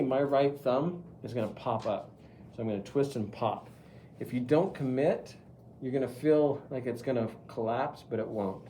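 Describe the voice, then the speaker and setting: A man's voice: medium pitch, warm tone, a little hiss or hum. A middle-aged man teaching pottery at the wheel, chatty and talking students through each step. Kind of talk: live wheel-throwing demonstration.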